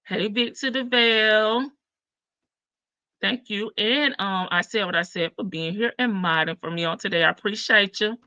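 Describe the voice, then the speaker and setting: Bright-voiced chatty woman livestream host. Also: mid-range voice, moderate pace, no room sound, muffled recording. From Chicago. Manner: chatty, greets viewers one by one, sassy asides. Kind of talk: casual livestream chat.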